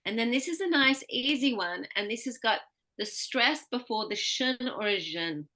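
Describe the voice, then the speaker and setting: A woman speech pathologist giving a patient one-on-one pronunciation lesson, explaining slowly with examples. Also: on the high side, expressive, bright, forceful tone.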